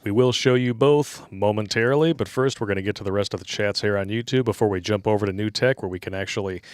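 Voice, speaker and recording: A man's voice: on the low side, fast, no echo. A man co-hosting a live stream, reading viewer chat aloud and commenting sarcastically, often laughing at his own jokes.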